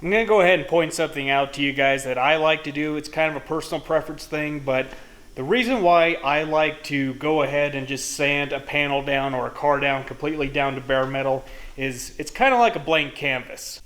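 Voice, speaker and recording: A young man casually hosting a hands-on car restoration vlog from his home garage, explaining his steps in a relaxed, joking way. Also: on the high side, a little fast. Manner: chatty, jokey, relaxed explaining. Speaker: host of a car restoration channel.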